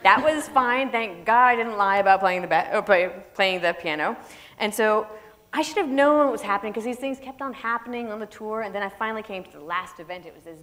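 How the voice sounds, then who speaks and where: Speaking into a stage microphone, a woman author with a mid-range voice and fairly quick delivery tells funny stories as a guest in an onstage Q&A. She laughs a lot and stays lively, performing before an audience on a big opera house stage; the recording has hall reverb and faint noise.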